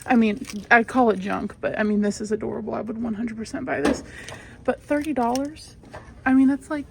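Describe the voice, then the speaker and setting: A young woman vlogging as she shops, chatting to viewers in a joking, self-mocking way. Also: on the high side. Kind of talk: casual shop-with-me vlog. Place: busy big stores, indoors.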